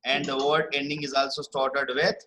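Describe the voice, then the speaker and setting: A man teaching a spelling lesson online, explaining rules patiently and often checking in with "right?" and repeating key words slowly. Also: mid-range voice, flat delivery, bright, forceful tone, low-quality recording. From India.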